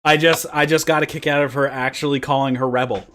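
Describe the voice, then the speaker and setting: A man's voice: medium pitch, steady tone, fast, background noise. Man casually recapping a wrestling show. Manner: rambling play-by-play retelling with fillers. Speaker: podcast host.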